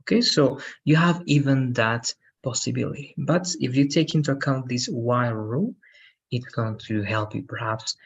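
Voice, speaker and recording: A teacher saying "right?" all the time, husky. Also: male voice, mid-range voice, moderate pace, dull audio. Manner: says "right?" after most sentences. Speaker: English teacher. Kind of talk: online English lesson.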